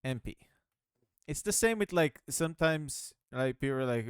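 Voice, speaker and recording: Lively, rambling male game dev. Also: on the high side, moderate pace, smooth, no room sound, clean studio sound. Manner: rambling, self-mocking, laughs often. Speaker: game developer. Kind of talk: casual rambling devlog commentary.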